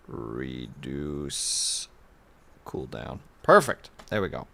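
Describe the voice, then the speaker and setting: Animated rambling male streamer. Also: medium pitch, normal speed, clean tone. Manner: rambling, animated, playful asides. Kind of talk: casual stream chat.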